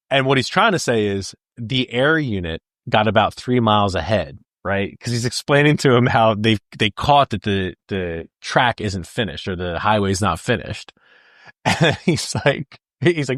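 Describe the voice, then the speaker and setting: A man's voice: fairly low pitch, expressive, moderate pace, fairly bright tone, dry recording, clean studio sound. A man co-hosting a podcast, talking casually about a film, laughing often and jumping into quoted lines. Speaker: podcast co-host.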